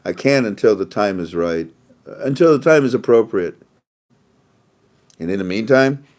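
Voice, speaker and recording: A man's voice: fairly low pitch, a little mellow. A man hosting a casual monologue, rambling and repeating his phrases, with frequent laughter. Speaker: host.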